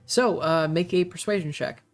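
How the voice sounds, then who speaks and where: Halting tabletop game master narrator. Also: medium pitch, soft background music. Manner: halting, filled with many uhs.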